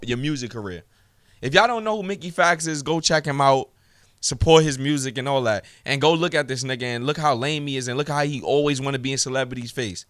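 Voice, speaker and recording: A man's voice: mid-range voice, a little fast, fairly bright tone, no echo, studio quality. A young man hosting his own podcast alone, ranting in a profane, heated, swaggering way. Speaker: podcast host. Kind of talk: solo podcast rant.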